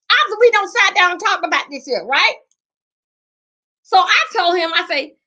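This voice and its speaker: A middle-aged woman with a high, bright voice spins a comic story from her own life. She talks loud and salty, leaning hard on repeated phrases for effect. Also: animated, moderate pace, long pauses.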